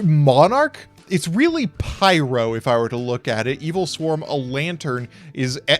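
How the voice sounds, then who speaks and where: A man's voice: fairly high pitch, dry recording. Wry upbeat man calling card duels. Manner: wry, upbeat, talks to viewers as folks. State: hiccuping. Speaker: YouTube card game commentator. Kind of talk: casual play-by-play commentary.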